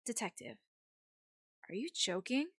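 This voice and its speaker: A woman's voice: on the high side, lively intonation, measured pace, a bit bright, husky, no room sound, studio quality, heavily acted. A woman putting on a vain Valley-girl witch. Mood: vain drawl. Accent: put-on Valley girl. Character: airy stylish young witch girl, vain.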